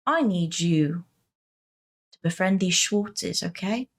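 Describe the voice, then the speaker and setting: A woman voicing the deep dark, a smug, sinister entity, in a tabletop game. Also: slow. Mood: coaxing. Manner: mocking, condescending.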